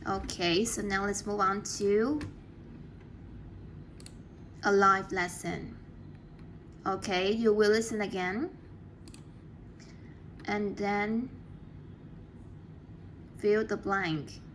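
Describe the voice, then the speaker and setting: Slow-spoken woman teacher. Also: medium pitch, fairly even intonation, a little hiss or hum. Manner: patient, encouraging, gives clear step-by-step instructions. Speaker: English teacher. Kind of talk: classroom teaching.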